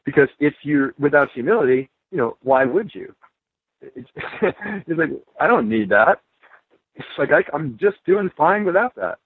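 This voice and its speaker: A man's voice: a little high, lively intonation, moderate pace, slightly rough, no room sound. A man, a guest author, talking emphatically in a podcast conversation, laughing between his points. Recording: tinny phone line.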